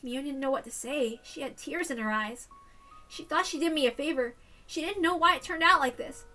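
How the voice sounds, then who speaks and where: A woman's voice: sits high, moderate pace, sharp tone, soft background music, voice pushed down. A woman voicing an anguished, self-blaming teenage boy in a tearful, dramatic visual novel reading. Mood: agitated.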